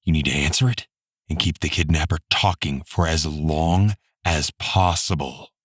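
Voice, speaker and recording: A tense male FBI agent giving firm instructions, read by a male narrator. Deep and dry, close to the mic. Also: normal speed, dry recording. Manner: tense, directive.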